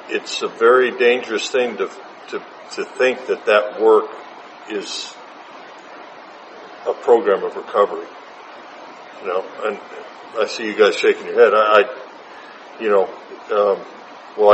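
Meeting chair, man, low voice, halting and repetitive delivery; heard from a distance with clear room noise. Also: dull audio. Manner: halting, repeats words. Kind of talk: group discussion. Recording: distant mic, noisy room.

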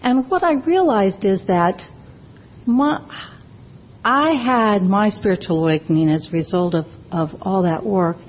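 A woman speaking at a recovery meeting, sharing her own story earnestly and haltingly, often restarting her sentences. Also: medium pitch, slight background noise. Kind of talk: personal sharing talk. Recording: dull lo-fi recording.

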